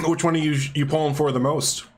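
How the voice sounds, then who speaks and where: A man's voice: a little high, fairly even intonation, brisk, slightly rough, faint music behind. A man streaming live, chatting casually with viewers as he builds, rambling and laughing often while answering their messages.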